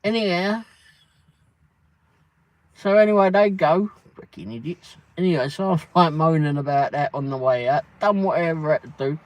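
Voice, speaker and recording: A man's voice: fairly high pitch, normal speed, dry recording, poor audio. Man, livestream host, casual storytelling, salty language, truck cab. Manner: swears a lot and keeps saying "flipping".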